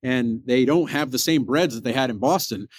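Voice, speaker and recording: A man hosting a motivational podcast, telling a story with loud emphatic peaks and quiet low asides. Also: normal speed, no room sound. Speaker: podcast host.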